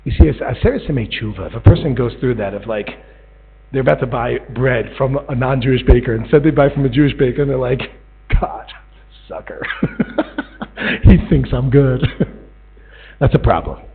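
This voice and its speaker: A man's voice: mid-range voice, quick pace, gravelly, breathy edge. A man giving a storytelling sermon, acting out voices in a parable and building to pleading. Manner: animated, acts out voices in a parable, rises to pleading. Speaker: speaker giving a Torah talk. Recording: tinny lo-fi recording with mains hum.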